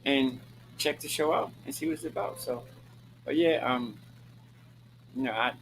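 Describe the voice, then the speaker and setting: A man from Maryland, USA, hosts his own show with a mid-range, gravelly, slightly bright voice whose pitch swoops wildly at a moderate pace. The rough recording has a little hiss or hum. Sassy and flamboyant, he talks casually to viewers, calls them honey and girl, swears freely, and preaches emphatically, repeating lines for effect in this talking-head monologue.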